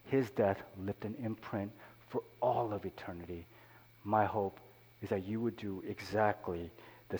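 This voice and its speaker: A man, a pastor, preaching a sermon in a conversational way, with many "you know" asides. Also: on the low side. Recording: long hall reverb.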